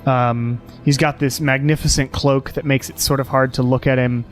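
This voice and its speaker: A man's voice: medium pitch, little pitch movement, moderate pace, soft background music. Rambling man running a tabletop game. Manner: rambling, many fillers. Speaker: game master.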